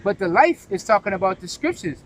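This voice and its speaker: Emphatic high-voiced preaching man. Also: very animated, a little fast, slight background noise, low-quality recording. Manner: emphatic, keeps asking "right?" and saying "man". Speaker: religious teacher. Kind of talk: preaching-style scripture discussion.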